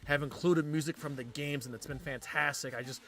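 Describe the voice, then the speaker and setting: A man's voice: a little high, steady tone, a little fast, fairly bright tone. A man hosting a live panel stream, speaking eagerly and emphatically. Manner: eager and emphatic, pleading for fan favorites. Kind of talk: casual panel chat.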